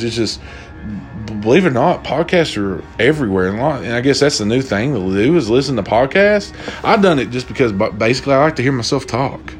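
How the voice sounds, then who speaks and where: A young man hosting a casual solo podcast, rambling and swearing freely as he retells stories. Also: lowish voice. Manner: profane, rambling, loose storytelling. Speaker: podcast host.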